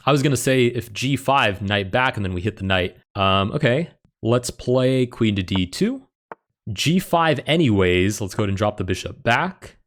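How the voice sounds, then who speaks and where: A man commentating his own online chess game as he plays, thinking aloud with quick reactive exclamations. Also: mid-range voice. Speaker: chess streamer.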